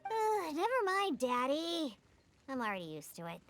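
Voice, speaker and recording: A high, scolding young daughter. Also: female voice, wildly swooping pitch, normal speed, fairly bright tone, no echo, faint music behind, full character voice. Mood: exasperated. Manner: scolding, teasing. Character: exasperated young daughter scolding her father. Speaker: game character, daughter.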